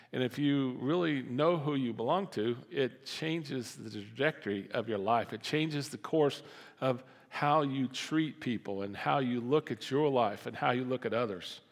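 A man's voice: mid-range voice, a bit bright. A male pastor gives a sermon in an easygoing, conversational tone. He circles back on his own words and poses rhetorical questions to the congregation. His voice trails out into the long reverb of a church sanctuary.

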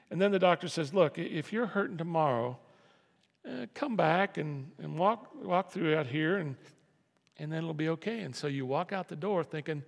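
A man's voice: on the high side, a little fast. A man preaching a sermon as pastor, talking in a conversational way that repeats and restarts phrases. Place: church sanctuary. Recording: long reverb of a hall.

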